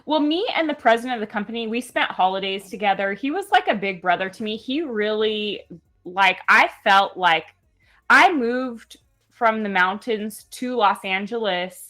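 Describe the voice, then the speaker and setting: A woman from California chatting as a stream guest, telling stories in a lively, animated way. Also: mid-range voice, moderate pace. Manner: chatty, animated storytelling with playful put-on accents. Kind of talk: casual chat.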